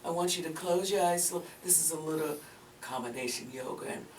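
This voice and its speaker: A woman's voice: low voice, a little fast, a little mellow. A woman giving a voice lesson as a vocal coach, chatty and encouraging, calling her student "girl". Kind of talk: voice lesson instruction. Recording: echoey room, mic far off, background noise.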